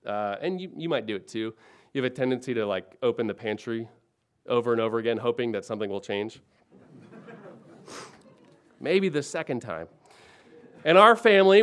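A man in his forties preaching a sermon, swinging between hushed and emphatic lines and building on repeated phrases. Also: mid-range voice, smooth. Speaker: pastor.

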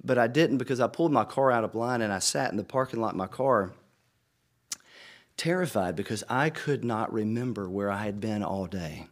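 Here a middle-aged male pastor, voice on the low side and pace moderate, delivers an earnest sermon to other pastors. He spins it like a conversational story and repeats words often.

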